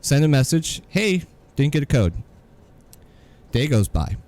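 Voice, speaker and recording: A man's voice: on the high side, sing-song, a little slow, a little mellow. A man co-hosting a podcast, telling a story in an exasperated, sarcastic rant. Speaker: podcast co-host. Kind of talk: casual ranting podcast chat.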